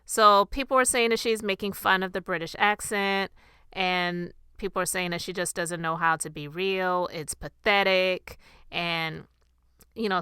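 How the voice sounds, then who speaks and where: A woman's voice: fairly low pitch, pushed and bright, smooth, no room sound. A woman hosting her own commentary podcast, talking straight to her listeners in a chatty, opinionated way. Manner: chatty, opinionated, addresses the audience directly. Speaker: host of a commentary channel and podcast. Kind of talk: casual commentary monologue.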